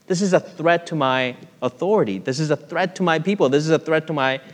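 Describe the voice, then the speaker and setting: A man's voice: a little high, fairly quick, lightly acted. A man voicing a frustrated, demanding ancient king in a casual, blunt way during a sermon. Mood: threatened. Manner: exasperated, blunt, casual modern wording. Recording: long hall reverb.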